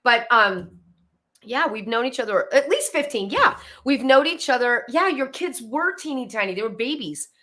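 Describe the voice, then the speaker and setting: A woman's voice: on the high side, lively intonation, normal speed, sharp tone. Chatty woman in her fifties. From Pennsylvania, USA. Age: 50s. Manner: chatty, friendly, greets viewers by name, goes off on tangents. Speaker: host of a live decluttering stream. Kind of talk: casual live-stream chat. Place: home, indoors.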